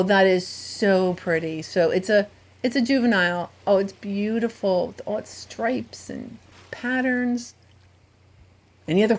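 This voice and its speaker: A woman vlogging from a beach as she hunts for shells, bubbly and gushing, and talking to the shells she finds. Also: medium pitch. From Southwest Florida. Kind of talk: casual narrated vlog. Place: outdoors on a beach.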